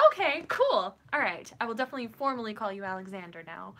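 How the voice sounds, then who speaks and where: Bright, chatty woman livestream host. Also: mid-range voice, very animated, quick pace. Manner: chatty, rambling, reassuring. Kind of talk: casual livestream chat.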